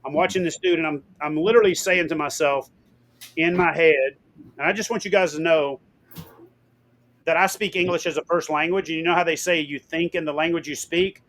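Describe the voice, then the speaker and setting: Middle-aged man, fairly high voice, animated storyteller, casual swearing, interview guest. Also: fairly quick. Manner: animated, swearing, acts out quotes loudly.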